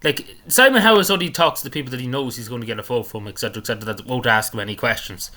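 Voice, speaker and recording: A man talks quickly and with some force in a bright tone. He rambles through an indignant commentary on a clip and keeps circling back to the same points. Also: mid-range voice. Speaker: political commentator. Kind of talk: casual commentary on a video clip.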